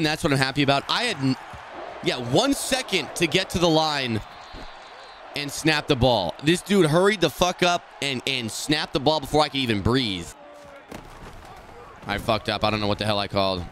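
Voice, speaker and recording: A man streaming a football video game, talking through each play and often swearing and yelling at the game in frustration. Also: mid-range voice, a little hiss or hum. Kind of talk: live gameplay commentary.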